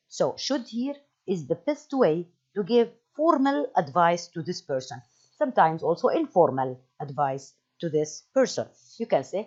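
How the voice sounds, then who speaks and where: Lively woman teaching English. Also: medium pitch. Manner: repeats example phrases, switches between English and Arabic. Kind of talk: bilingual English lesson. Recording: dull lo-fi recording.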